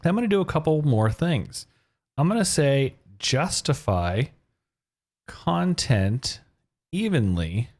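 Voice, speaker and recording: Guy teaching web design, bouncy lively voice, upbeat and explaining each step as he codes. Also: mid-range voice, slow pace. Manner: upbeat, talks through each step as he types. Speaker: web design tutorial host. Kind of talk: screen-recorded coding tutorial.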